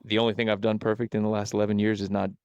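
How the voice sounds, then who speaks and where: Gravelly flat-voiced man hosting. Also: on the low side, very fast, dry recording, muffled recording. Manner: reflective, flat-toned, peppers speech with "bro, you know?". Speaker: podcast host. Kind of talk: conversational interview. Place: podcast studio.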